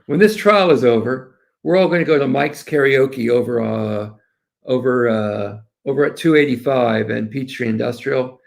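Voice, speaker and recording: An older man in his sixties, from the American South, talks as a guest lawyer in a relaxed interview. His voice has a gravelly, rough edge, and he tells stories with plenty of animation, slipping into the voices of the people he quotes. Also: mid-range voice, normal speed. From Southern United States. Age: 60s. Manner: animated, storytelling, quoting others. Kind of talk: casual interview talk.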